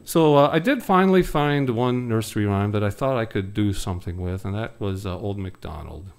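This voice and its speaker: A man's voice: on the low side, lively intonation, fairly quick, a little mellow, clean tone. Rambling man joking on stage. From Michigan, USA. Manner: rambling, hesitant, wry. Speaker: singer-comedian. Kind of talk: live comedic stage patter. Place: live stage before an audience.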